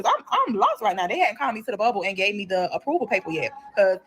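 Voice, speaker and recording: A young woman telling a story casually, animated, blunt and profane, addressing listeners as y'all. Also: fairly high pitch, quick pace, hardly any pauses, slight background noise. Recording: played clip within livestream.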